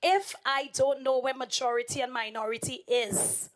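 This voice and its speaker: A woman's voice: high-pitched, steady tone, moderate pace, poor audio. A woman with a strained voice, giving a formal, emphatic speech to students in a legislative chamber. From Trinidad and Tobago. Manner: oratorical, emphatic, addresses the room with questions. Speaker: education secretary giving remarks.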